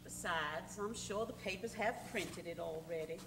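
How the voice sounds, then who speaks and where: A woman's voice: lowish voice, normal speed, reverberant, noisy background, natural voice. An actress playing a fond, spirited president's wife who coaxes her husband in a stage musical. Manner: coaxing, fond, breathy laughter. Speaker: actress playing Mrs. Lincoln. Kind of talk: stage musical acting with song.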